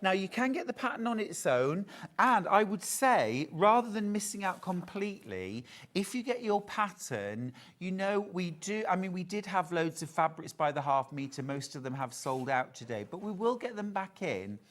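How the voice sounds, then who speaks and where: A man's voice: high-pitched, very animated, normal speed, fairly bright tone. A man presenting a live sewing shopping show in a chatty, playful sales patter.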